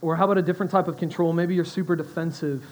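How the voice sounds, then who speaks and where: A young adult man preaching a sermon in a conversational style, with animated asides to his audience. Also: a little high, rapid-fire, rough recording. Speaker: pastor.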